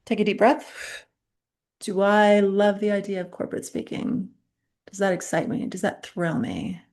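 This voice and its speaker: A middle-aged woman, a public speaking coach, teaching an online master class in a chatty, animated way, often laughing mid-sentence as she tells stories. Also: medium pitch, a little slow. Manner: chatty, direct, addresses viewers.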